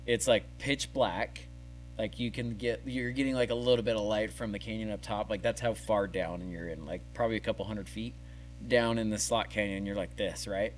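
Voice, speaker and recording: A man telling a story in casual podcast chat, animated and acting out the scenes. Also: on the low side, normal speed, soft background music. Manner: animated, acts out scenes with yelled quotes. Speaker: podcast co-host.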